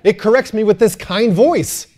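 A man preaching a sermon to his church, animated and joking, often asking the crowd for an amen. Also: high-pitched, normal speed. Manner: animated, joking, calls for amens. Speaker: pastor.

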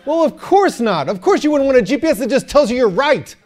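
Man, pastor, lively sermon, high voice, swings in pitch, jokey. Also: brisk, a faint crowd. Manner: animated, joking, calls for amens.

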